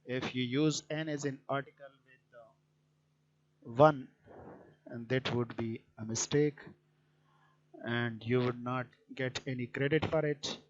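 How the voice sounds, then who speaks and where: A man teaching a grammar lesson, explaining points deliberately with frequent hesitant fillers. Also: mid-range voice, fairly even intonation. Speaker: English teacher. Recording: dull lo-fi recording.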